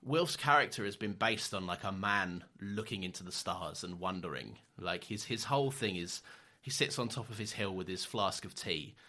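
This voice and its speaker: A young man co-hosting a podcast in casual chat, animated, laughing often and swearing casually. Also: low-pitched, normal speed. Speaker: podcast co-host.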